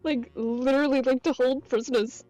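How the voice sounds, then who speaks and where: A woman's voice: high-pitched, steady tone, normal speed, a little mellow, no room sound, faint music behind. A woman chatting on a casual livestream, blunt and swearing, often sounding incredulous.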